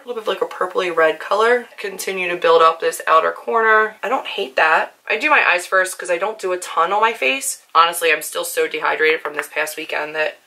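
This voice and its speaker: A young woman with a hoarse, worn-out voice, chatting casually to camera about her makeup, nervous and full of "like" fillers. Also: lowish voice, bright, forceful tone. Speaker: book and beauty vlogger.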